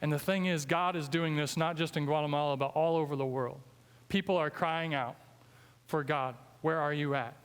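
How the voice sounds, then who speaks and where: A man with a Midwestern American accent preaches a sermon in a church sanctuary, his voice a little higher than most and clear and smooth. He sounds earnest and emphatic, and he slows down for scripture. A long reverb trails each phrase through the hall. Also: steady tone. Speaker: guest preacher.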